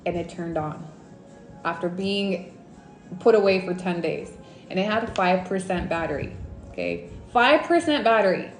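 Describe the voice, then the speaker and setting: A woman from Mexico telling a personal story in a casual, animated livestream storytime, dropping in Spanish words. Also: fairly low pitch, moderate pace, long pauses, roomy sound, faint music behind. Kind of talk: casual storytime on a live stream.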